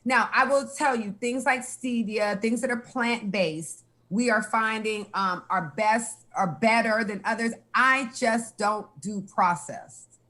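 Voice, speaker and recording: A woman's voice: on the high side, slow pace, a bit bright. A woman giving frank, emphatic health advice in casual chat, laughing now and then. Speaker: health guest.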